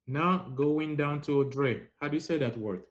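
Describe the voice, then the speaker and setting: The host here is a man with a fairly high voice talking at normal speed. He leads a playful French pronunciation game over a live stream, poking fun at players as he picks them, and the live-stream app audio has a dull, lo-fi quality.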